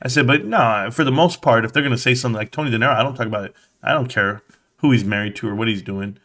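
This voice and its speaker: A man's voice: medium pitch, fast talker, fairly bright tone. Blunt, mocking male livestream host. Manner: blunt, mocking, swears, laughs often. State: tired, yawning. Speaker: stock market livestream host. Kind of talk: casual livestream rant reading chat.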